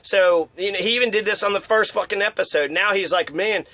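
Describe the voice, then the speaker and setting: A man's voice: sits high, fast, bright, forceful tone. A man ranting in a rambling, profane, casual way, often mocking others with put-on voices. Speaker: commentator.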